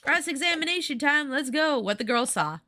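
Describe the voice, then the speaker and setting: A woman's voice: high-pitched, expressive, moderate pace, bright, forceful tone. A woman with a Southern US accent layered with Midwestern, chatting and cheering herself on while streaming a game. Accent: Southern US with Midwestern overlay. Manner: chatty, giggly, self-encouraging. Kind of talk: casual gameplay commentary.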